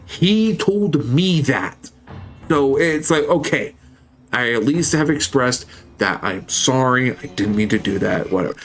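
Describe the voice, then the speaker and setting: A man's voice: medium pitch, animated, a little slow, fairly bright tone, soft background music. A man in a mid-range voice tells a story to his stream in a loose, casual way. He swears freely and gets heated as he retells it.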